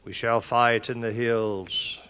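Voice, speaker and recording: Brief: man doing defiant elderly British wartime orator, British accent, slow and weighty, forceful tone, hall echo. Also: medium pitch, flat delivery, clean tone. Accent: British, put on. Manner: slow, weighty, solemn delivery. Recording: echoey large hall.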